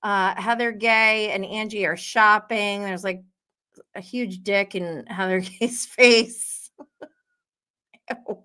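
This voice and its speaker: A woman's voice: medium pitch, fairly even intonation, slow, long pauses, bright, forceful tone, clean tone. A young woman hosting a live show, chatting and giggling as she recaps reality TV and reads viewer comments aloud. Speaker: host.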